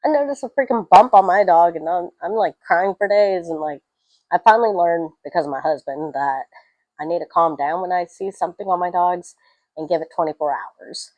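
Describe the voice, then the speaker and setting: A woman chatting through a film review, emotional and quick to laugh. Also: lowish voice, a little mellow, dry recording, highs cut off. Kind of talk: casual spoken film review.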